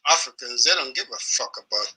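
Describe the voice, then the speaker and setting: Man, furious swearing rant, sharp strained voice, raspy edge. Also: mid-range voice, animated, a little fast, low-quality recording. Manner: angry, profane, shouting in bursts. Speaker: video blogger. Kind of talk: weekly rant.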